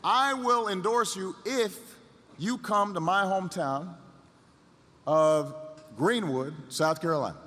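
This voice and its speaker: A brisk, teasing middle-aged woman politician, quoted by a man in a speech. The voice stays high and bright, and a long hall echo trails behind it. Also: heavily acted.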